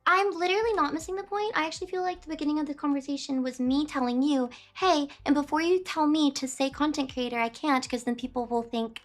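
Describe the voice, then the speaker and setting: A woman's voice: high-pitched, fast, hardly any pauses, a bit bright, soft background music. A young woman streamer rambling casually to her chat, saying "beep" aloud in place of words she bleeps out. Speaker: streamer chatting with viewers.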